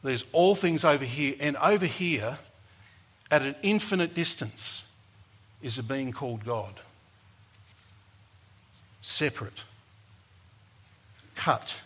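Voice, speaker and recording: A man preaching a sermon, rising to loud emphasis and falling back to soft, low lines. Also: lively intonation, takes it slowly, pauses often, slightly rough. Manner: dynamic, builds to loud emphasis then drops soft.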